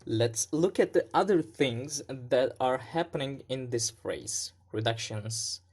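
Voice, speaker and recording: Slow, careful male English teacher. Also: mid-range voice, darkish tone. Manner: slow, careful, repeats and demonstrates sounds. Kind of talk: recorded online lesson.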